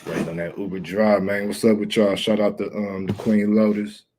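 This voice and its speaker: Deep-voiced laid-back male livestream host. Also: flat delivery, moderate pace, mellow, a little hiss or hum. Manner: laid-back, rambling, slangy. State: out of breath. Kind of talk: casual livestream chat.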